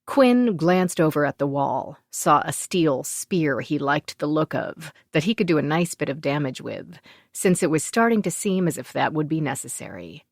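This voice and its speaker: A woman narrating a fantasy audiobook in an even, measured storytelling manner. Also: deep voice, gravelly, dry recording, studio quality. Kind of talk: scripted narration.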